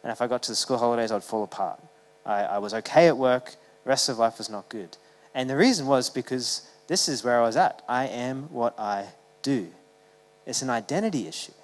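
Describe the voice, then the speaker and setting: A man's voice: medium pitch, fairly quick, long reverb tail, low-quality recording. A man giving a sermon as the church's pastor, talking in a casual, conversational way with many fillers and restarts.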